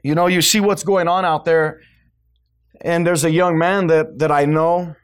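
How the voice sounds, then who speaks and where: A fiery male preacher with a notably high-pitched voice. He delivers a sermon to his congregation, pressing hard on some lines and dropping low and quiet on others. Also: fairly even intonation, unhurried, smooth. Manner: fiery preaching, swings between loud and hushed. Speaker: pastor.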